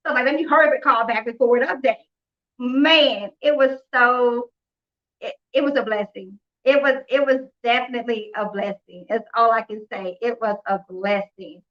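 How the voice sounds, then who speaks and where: A woman hosting a couponing live stream, telling a story in a chatty, animated way, acting out the dialogue and laughing often. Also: fairly high pitch, normal speed, lo-fi sound. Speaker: couponing livestream host. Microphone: phone or computer mic on a live stream.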